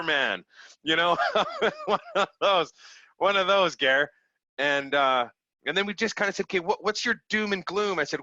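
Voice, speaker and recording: A man, a small business owner from Canada, telling stories in a casual, animated way and acting out the people he quotes. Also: on the high side, no room sound, lo-fi sound. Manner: animated, acts out quoted people, laughs easily. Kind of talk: casual storytelling over video call.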